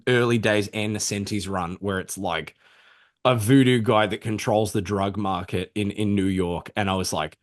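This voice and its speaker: A man co-hosting a podcast, chatting casually about comic books in an excitable, rambling way and swearing freely. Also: lowish voice, moderate pace. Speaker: podcast co-host. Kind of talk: casual comic book chat.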